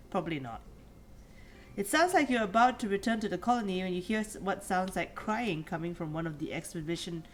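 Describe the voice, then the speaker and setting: A woman's voice: medium pitch, slight background noise. A woman co-hosting a let's play stream, chatting and reading the game's narration aloud in an easy, slightly tired way. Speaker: streamer co-host.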